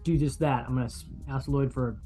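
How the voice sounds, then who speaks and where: A man's voice: medium pitch, fairly even intonation, brisk, mellow, soft background music. A man playing a tabletop game, chatting casually and thinking aloud. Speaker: player.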